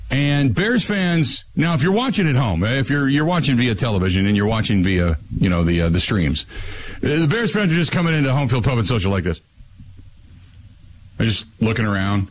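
A man hosting a casual sports talk radio show, telling stories in an animated, joking way. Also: a little high, normal speed, pauses often. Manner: animated storytelling, lively and joking.

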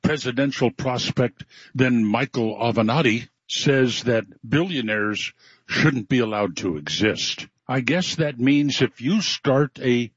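A man's voice: mid-range voice, animated, measured pace, husky, no echo. A man delivering scripted, sarcastic radio commentary. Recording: dull radio audio with faint music.

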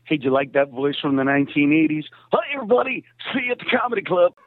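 A man giving a recorded radio station promo in a brisk, announcer-like delivery. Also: fairly high pitch, lively intonation, no room sound. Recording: tinny, dry radio clip.

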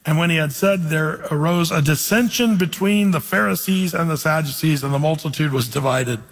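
A man, a pastor, teaching through a Bible passage in a lively, conversational way and reading verses aloud. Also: fairly high pitch, moderate pace. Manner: animated, conversational, reads scripture aloud. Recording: reverberant hall.

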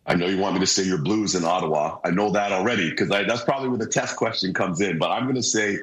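A man with a hoarse voice, talking as a guest hockey analyst over a video call, energetic and repeating phrases for emphasis. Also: sits low, quick pace, reverberant, poor audio. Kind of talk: casual sports talk. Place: remote room, joining by video.

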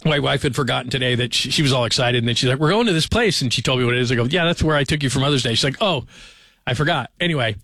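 A man's voice: mid-range voice, steady tone, rapid-fire, sharp tone, no echo. Man, 40s, sports radio host, rambling casual storyteller, dry studio sound. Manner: chatty, rambling storyteller with many fillers. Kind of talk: casual talk radio chat.

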